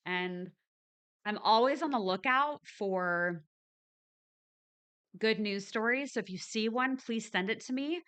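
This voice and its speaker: A woman's voice: mid-range voice, pushed and bright, clean tone. A woman hosting a spiritual live stream, talking to her viewers in a chatty, upbeat way with frequent ums and restarts. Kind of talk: casual live stream chat.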